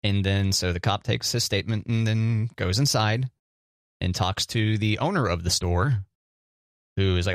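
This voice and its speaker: A man's voice: lowish voice, normal speed, dry recording, clean studio sound. A man co-hosting a casual chat show, a jokey rambling storyteller who hums little sound effects. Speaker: podcast co-host.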